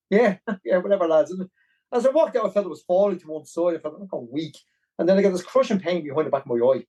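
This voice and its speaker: Animated Dublin man telling a story. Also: a little high, slightly rough, poor audio. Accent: Irish, Dublin. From Ireland. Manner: animated, rambling, with many restarts. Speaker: podcast guest, marathon runner. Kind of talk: casual storytelling.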